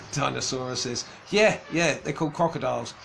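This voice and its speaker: A man's voice: mid-range voice, moderate pace, creaky, fairly bright tone, a little hiss or hum. An Australian man rambling casually as he answers viewer comments on a livestream, chuckling, with many ums and restarts. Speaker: livestream host.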